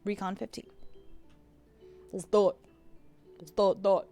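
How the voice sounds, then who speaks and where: A woman's voice: mid-range voice, level tone, normal speed, dark tone, soft background music. A woman streaming a game live, chatting and muttering to herself as she plays. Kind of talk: casual live-stream commentary.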